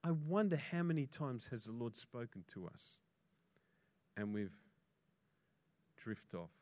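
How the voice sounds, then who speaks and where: A male pastor preaching a sermon, swinging between hushed asides and loud emphasis, and joking casually with the congregation. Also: mid-range voice, big pitch swings, a little slow.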